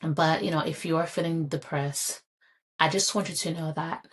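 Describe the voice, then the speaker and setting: A woman's voice: low-pitched, steady tone, moderate pace, husky. A woman hosting a solo podcast, talking earnestly and encouragingly, often repeating phrases for emphasis. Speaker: podcast host. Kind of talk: solo motivational podcast talk.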